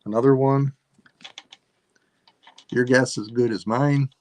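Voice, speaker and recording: A man selling items on a live stream, thinking aloud in a rambling, unhurried way as he describes each piece. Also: medium pitch, steady tone. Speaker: online seller. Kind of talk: live-stream sales chat.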